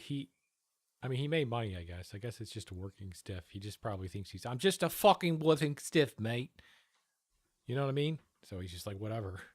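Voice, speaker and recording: A man's voice: mid-range voice, fairly bright tone, no room sound. Profane sarcastic male streamer, dry close mic. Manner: profane, sarcastic, talks over the clip. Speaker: streamer reacting to a news panel. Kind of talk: casual livestream commentary.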